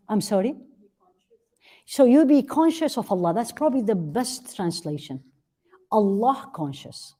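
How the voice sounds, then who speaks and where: Warm-voiced woman teaching a religious class. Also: fairly high pitch. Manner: earnest, asks rhetorical questions and answers them; repeats key phrases for emphasis. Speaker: Islamic teacher. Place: classroom with a live audience.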